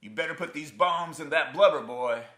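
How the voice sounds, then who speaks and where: A man's voice: medium pitch, lively intonation, normal speed, bright, forceful tone. A man voicing a sadistic, mocking rural father who barks orders and talks in folksy riddles, recorded on a theatre stage. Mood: barking. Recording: roomy theatre sound.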